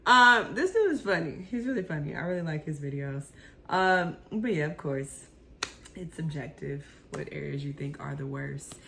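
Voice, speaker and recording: A woman's voice: deep voice, expressive, normal speed, gravelly, pushed and bright, slight background noise. A woman hosting a reaction video, talking casually with blunt, profane ranting.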